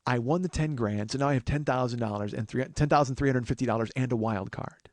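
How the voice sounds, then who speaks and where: A man in his forties spins a long comic story with plenty of swearing, his pitch sitting in an ordinary middle range. He gets more animated as the story builds and sometimes bursts into loud shouts. The sound is dry and close to the mic. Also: fast, dry recording. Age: 40s. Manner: animated, profane, shouts quoted outbursts. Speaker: podcast host.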